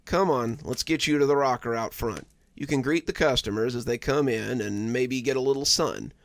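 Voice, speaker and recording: Kind young caretaker guy, voiced by a man, friendly and teasing, storybook reading, gravelly, dry close sound. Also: medium pitch, normal speed, no room sound, close to an everyday voice. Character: kind young man caring for a sick widow, joking.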